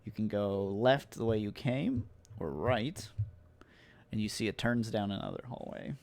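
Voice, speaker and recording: A man running a tabletop game as game master, walking players through the rules with patient explanations. His voice rises and falls in a lively way as he narrates what the players see. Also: lowish voice, measured pace, creaky.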